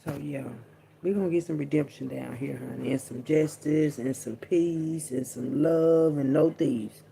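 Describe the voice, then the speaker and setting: A woman vlogger holds forth in a loose, rambling monologue, cursing freely and leaning hard on drawn-out words. Her voice has a gravelly, fry-laden edge, and its tone is dark and mellow. She keeps tossing in little asides as she talks. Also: sits low. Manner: profane, animated, drawn-out emphasis, frequent asides. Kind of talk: casual rambling monologue to camera.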